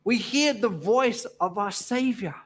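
He's a high-voiced man from East London, Cockney accent and all, preaching in an earnest, softly emphatic manner with many pauses.

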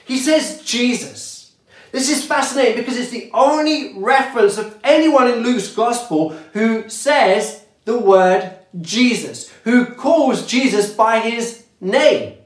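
A pastor delivering a sermon with slow, deliberate preaching, letting key words fall softly for emphasis. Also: medium pitch, animated. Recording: echoey room.

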